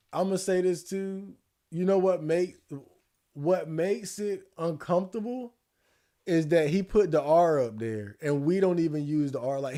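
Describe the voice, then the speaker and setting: A man streaming casual commentary, laid-back and slangy, swearing freely and laughing often, a little hoarse. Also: sits high, darkish tone. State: losing his voice. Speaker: streamer reacting to election night.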